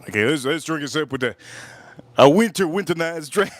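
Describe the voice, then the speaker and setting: Male livestream reviewer, casual and enthusiastic, repeats himself, slightly higher voice. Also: lively intonation, normal speed, no room sound. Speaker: livestream cigar and whiskey reviewer.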